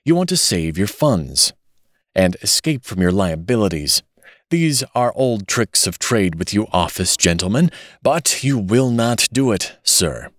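A man voicing a smooth, scheming gentleman villain, composed and polite. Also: fairly low pitch, sing-song, measured pace, dry recording, clean studio sound. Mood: cold.

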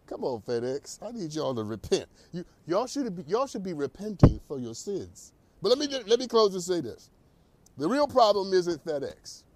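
A man hosting a talk show, delivering an animated, preacherly monologue. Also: fairly high pitch, no echo. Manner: animated, preacherly, laughs at own jokes. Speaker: host.

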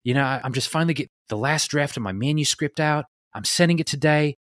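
A man doing an impression of an excitable, high-energy woman, with an attempted Australian accent. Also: no echo, studio quality, close to an everyday voice. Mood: excited. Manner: high, bubbly, rushed.

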